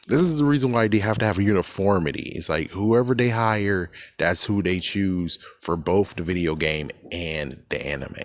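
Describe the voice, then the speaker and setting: A man's voice: sits low, no room sound. A man ranting casually about his opinions, rambling and exasperated, often swearing. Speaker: video creator.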